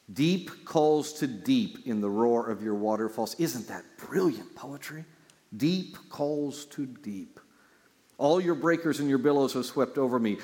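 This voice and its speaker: Man preaching in a reverberant hall. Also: medium pitch. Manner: animated preaching with repeated restarts. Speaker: pastor. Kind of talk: sermon.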